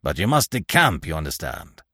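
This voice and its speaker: A man voicing a gruff, brusque sergeant of the mounted police. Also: a bass voice, wildly swooping pitch, normal speed, sharp tone, dry recording, studio quality, voice pushed down, heavily acted.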